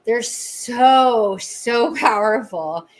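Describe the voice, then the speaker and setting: On a podcast she hosts, a woman with a rather high voice gives a channeled oracle reading and a guided meditation at an extremely slow pace. She dwells on repeated phrases like an incantation, shows her emotions openly, and makes self-mocking asides. The audio quality is poor.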